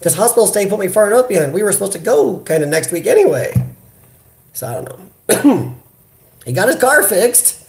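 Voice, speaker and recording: An American man hosts a casual live chat, animated and talkative as he answers his viewers. He talks straight into a computer webcam. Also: high voice, moderate pace, gravelly. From United States. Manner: animated, chatty, reads viewer comments aloud. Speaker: livestream host. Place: hospital room.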